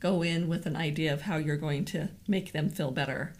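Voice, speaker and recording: A woman co-host speaks earnestly about handling grief, affirming her partner and explaining ideas plainly. Her voice sits a bit low for a woman. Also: moderate pace. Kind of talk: casual chat on grief.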